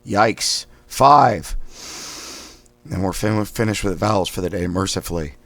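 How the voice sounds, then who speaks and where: Unhurried man calmly leading voice drills. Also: sits low, no room sound. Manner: calm instructions between loud, sharp drill sounds; counts repetitions aloud. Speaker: host leading daily voice exercises. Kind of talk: guided voice exercise lesson.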